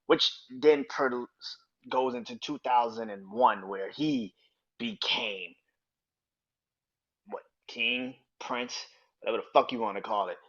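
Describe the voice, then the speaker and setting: A man hosting a casual solo podcast, talking in a loose, profane, excited way and laughing often. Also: mid-range voice, slow, dull audio. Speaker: podcast host.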